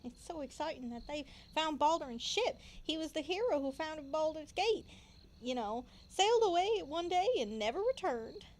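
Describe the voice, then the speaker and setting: A woman chatting through a fantasy game with a friend, giggly and quick to laugh at herself. Her voice sits high and bright. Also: lively intonation. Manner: giggly, self-mocking. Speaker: game streamer. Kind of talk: casual let's-play chat.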